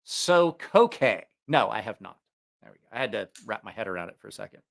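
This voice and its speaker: Racing along in a lowish, gravelly, slightly bright voice, this man speaks with a slight Southeast Ohio accent. He reviews knives and hosts the channel, rambling chattily through a casual livestream and correcting himself, using a studio mic with headphones on.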